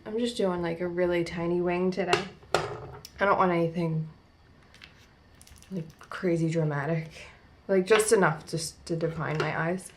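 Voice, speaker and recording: Speaking in a lowish, fairly even voice with frequent pauses, a young woman from New Jersey talks through her makeup at home in front of a mirror. There's a little hiss or hum on the recording. The beauty vlogger's New Jersey accent comes through as she rambles chattily, using "like" constantly.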